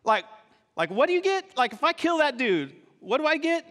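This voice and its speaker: A man's voice: very high voice, big pitch swings, normal speed, pushed and bright, voice pushed up, heavily acted. A man putting on the voice of a cocky, eager young shepherd boy, in a reverberant church. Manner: eager, brash.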